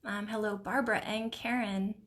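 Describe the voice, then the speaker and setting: A middle-aged woman hosting a live video stream, reading viewers' comments aloud in a warm, encouraging, emotional way. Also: mid-range voice, fairly even intonation, normal speed. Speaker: host of a live mindset stream.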